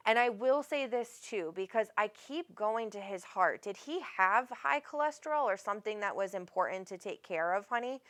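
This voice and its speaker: A woman's voice: mid-range voice, lively intonation, moderate pace, few pauses, fairly bright tone. A woman hosting a live psychic reading, chatty and rambling, often calling people honey. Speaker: psychic medium host.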